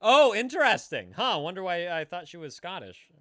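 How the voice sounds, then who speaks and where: A man co-hosting a casual live stream, animated and swearing freely, breaking into loud shouted bits. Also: high voice, normal speed, no echo, faint music behind. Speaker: streamer co-host.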